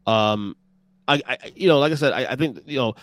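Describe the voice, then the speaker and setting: A man co-hosting a heated sports debate, excitable and repeating words as he talks over the others. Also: medium pitch, fairly quick, dry recording. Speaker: sports talk co-host.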